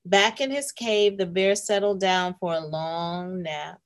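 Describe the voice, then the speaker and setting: A woman's voice: on the low side, fairly even intonation. A woman hosting a read-aloud for children, reading a picture book and asking the young listeners questions. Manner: slow, warm, questioning the listeners.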